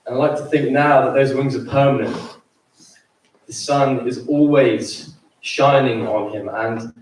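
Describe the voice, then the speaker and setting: A man giving a gentle, hesitant eulogy at a memorial, telling a personal story about his friend. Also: medium pitch, fairly even intonation, a little slow. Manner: gentle, hesitant, with fillers and repeats. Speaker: memorial speaker. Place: large school dining hall. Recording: very echoey hall, mic far off.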